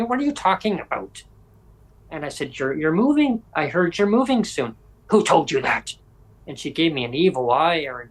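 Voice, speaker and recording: A man from Canada hosting a podcast, telling a story casually and acting out the voices he quotes. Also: mid-range voice. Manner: animated, acts out quoted voices. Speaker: podcast host. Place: home.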